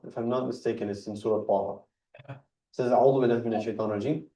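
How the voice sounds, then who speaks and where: An earnest man gives a religious talk in a mosque hall, and his voice sounds dark and mellow. He explains things word by word and presses each point with emphasis. The sound is echoey and picked up from a distance. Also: medium pitch. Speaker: speaker at a mosque gathering.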